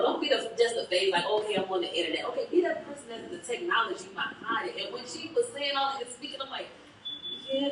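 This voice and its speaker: A woman's voice: fairly high pitch, slight background noise. Woman from Chicago's West Side, emotional and laughing, heard from afar in an echoey event hall. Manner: emotional and laughing, quotes herself often. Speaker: guest speaker. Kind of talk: heartfelt speech at a book reception. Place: event hall at a book reception. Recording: echoey hall, mic from a distance, faint ambience.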